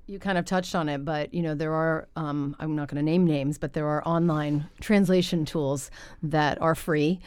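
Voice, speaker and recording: An enthusiastic woman who runs a voice-over and translation business speaks as a podcast guest. She is animated and picks up speed when she gets excited. Her voice is low for a woman, and it is recorded dry and close. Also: normal speed, clean tone, no echo. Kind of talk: casual conversational interview.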